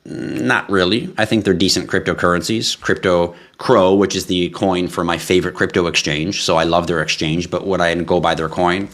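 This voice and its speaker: Deep-voiced blunt live-stream host. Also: male voice, fairly even intonation, normal speed, few pauses, fairly bright tone. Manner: blunt, offhand and joking. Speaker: host answering viewer questions.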